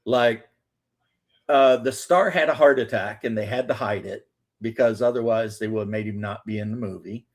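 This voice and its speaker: A man's voice: fairly low pitch, normal speed. A man hosting a casual chat, telling long rambling stories, acting out quotes and swearing freely. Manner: rambling storyteller, acts out quotes, swears, laughs. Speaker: host.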